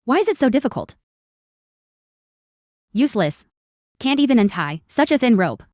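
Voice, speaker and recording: A woman dubbing a haughty, sharp-tongued young woman in a drama, scolding and contemptuous. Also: on the high side, sing-song, normal speed, no room sound, studio quality. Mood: impatient. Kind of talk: dubbed drama dialogue.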